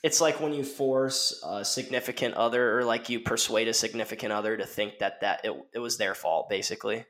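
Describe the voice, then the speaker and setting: A man's voice: mid-range voice, fairly even intonation, brisk, fairly bright tone. A young man hosting a podcast in casual chat, rambling and laid-back, saying "like" and "dude" constantly. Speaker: podcast host. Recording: roomy echo.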